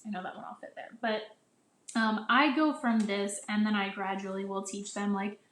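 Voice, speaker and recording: A woman's voice: mid-range voice, fairly even intonation, normal speed, fairly bright tone. Chatty woman teacher in an echoey room. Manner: chatty, restarts often, sounds out vowels for kids. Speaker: teacher explaining phonics to teachers. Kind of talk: casual instructional explanation.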